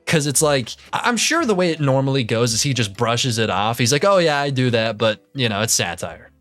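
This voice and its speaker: A man's voice: mid-range voice, very animated, fairly quick, a bit bright, faint music behind. A man doing casual reaction commentary, ranting in disbelief and swearing constantly. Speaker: commentary youtuber.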